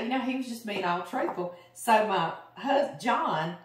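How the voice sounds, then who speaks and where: A middle-aged woman with a Louisiana accent, hosting a cooking video and telling a long, sarcastic family fishing story in a chatty, animated way. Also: on the high side, normal speed. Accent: Southern US, Louisiana. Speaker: cooking channel host. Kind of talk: casual storytelling while cooking. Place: home kitchen. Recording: roomy kitchen, mic at a distance. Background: chopping and kitchen clicks.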